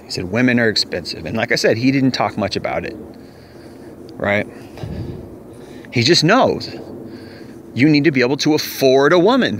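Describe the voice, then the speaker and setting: A man's voice: medium pitch, slight background noise. A man telling a personal story in casual, rambling vlog style, candid and profane, repeating himself as he goes. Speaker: vlogger.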